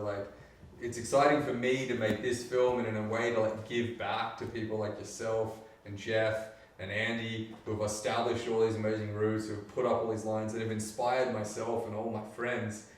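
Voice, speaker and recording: A man's voice: on the low side, slight background noise. A man interviewing for a documentary, gushing with enthusiasm and swearing casually. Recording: roomy, distant from mic.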